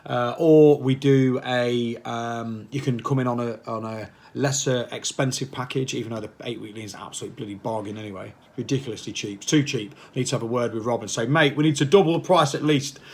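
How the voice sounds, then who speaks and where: A man's voice: mid-range voice, steady tone, fairly quick, hardly any pauses, a little mellow. A man, a fitness coach, talking casually and passionately to camera, rambling and firing off repeated questions. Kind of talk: casual motivational talk to camera.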